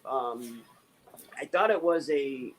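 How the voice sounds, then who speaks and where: A man's voice: mid-range voice, lively intonation, slow, a little hiss or hum, poor audio. A man chatting casually in a group, rambling with many fillers and restarts. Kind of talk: casual chat.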